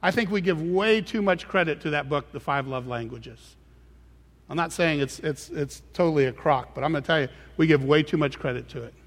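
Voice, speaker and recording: Male pastor, slightly high voice, emphatic repetitive sermon delivery, long hall reverb. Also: brisk. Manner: emphatic, repeats phrases for effect.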